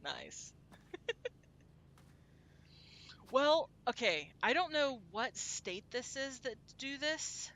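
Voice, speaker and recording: A woman's voice: sits high, very animated, very slow, pauses often, fairly bright tone. A woman from Texas, chatting casually to her viewers while she plays a game, rambling and laughing often. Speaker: game streamer.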